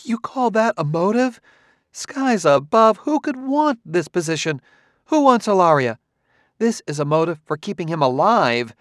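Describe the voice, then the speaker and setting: A man narrating an audiobook voices a plump, scornful woman, pitching himself above his natural register as she taunts and mocks in a raised, indignant voice. His delivery sits high with big swings in pitch and a slightly slow pace, captured in a dry, clean studio recording.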